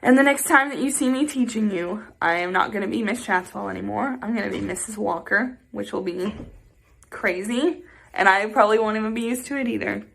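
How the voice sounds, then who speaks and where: A woman's voice: medium pitch, brisk, creaky, a bit bright, breathy edge. A young woman teaching a music lesson to children at home, chatty and cheerful, often saying y'all.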